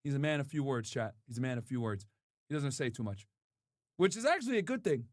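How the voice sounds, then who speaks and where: A livestream host talks fast in a casual, slangy way, teasing and playfully scolding in repeated bursts. His voice is medium in pitch and very animated, recorded with clean studio sound and no echo.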